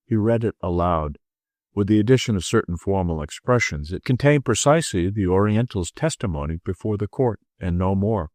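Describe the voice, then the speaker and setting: A man with a lowish voice narrates a classic detective story in the first person, steady and measured. The sound is dry and close to the mic with no room echo. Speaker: audiobook narrator.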